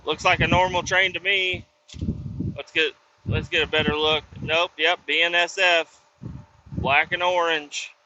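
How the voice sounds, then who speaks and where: Speaking a little slowly with fairly high pitch and little pitch movement, a roadside service worker rambles through profane vlog stories in a loose, drifting way. His tone is bright and forceful. The audio is dull lo-fi with faint background ambience.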